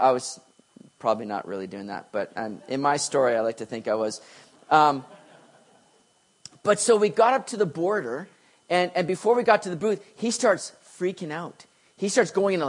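Animated pastor preaching. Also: male voice. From Canada. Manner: animated storyteller, voice swings from quiet asides to excited high bursts. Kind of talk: sermon.

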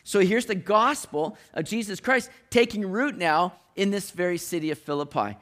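A man delivers a sermon in a relaxed, talky way, stumbling over and restarting his phrases. His voice sits high for a man, and he throws in everyday slang as he explains the story. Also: normal speed. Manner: conversational, frequent restarts, modern slang asides. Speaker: preacher.

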